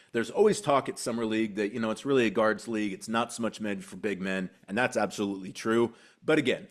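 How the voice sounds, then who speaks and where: A man hosting a solo sports podcast, talking through his thoughts in a rambling way with many restarts and asides. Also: medium pitch. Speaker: podcast host and team beat reporter.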